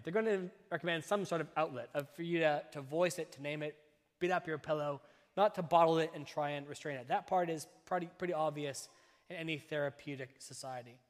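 A man preaching a sermon as a pastor, with a measured, emphatic delivery that breaks his points into short, deliberate phrases. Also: on the high side. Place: church. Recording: long reverb of a church hall.

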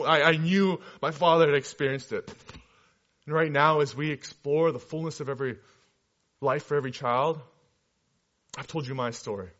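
Earnest missionary man preaching. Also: mid-range voice. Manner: earnest storytelling, shifting from animated to hushed. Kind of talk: sermon testimony. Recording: dull lo-fi recording.

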